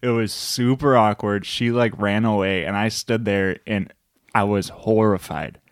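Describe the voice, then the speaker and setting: A man's voice: fairly low pitch, unhurried, no echo, clean studio sound. A young man casually co-hosting a podcast, telling stories in a rambling, self-interrupting way. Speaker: podcast co-host. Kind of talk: casual chat.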